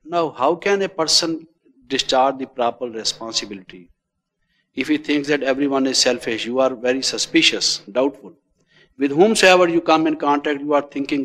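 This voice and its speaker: A man giving a measured, repetitive meditation lecture as a spiritual teacher, often adding "you see". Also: medium pitch, a bit bright, big-room sound.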